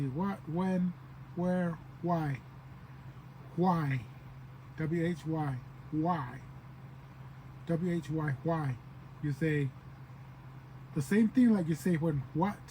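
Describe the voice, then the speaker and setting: Slow-speaking man teaching word by word. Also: fairly high pitch, dark tone, slight background noise, poor audio. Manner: repeats words slowly, acts out example phrases. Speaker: language teacher. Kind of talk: casual language lesson.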